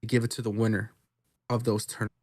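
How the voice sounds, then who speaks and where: Profane, excitable male podcast co-host. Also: on the low side, fast talker. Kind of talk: casual wrestling recap chat.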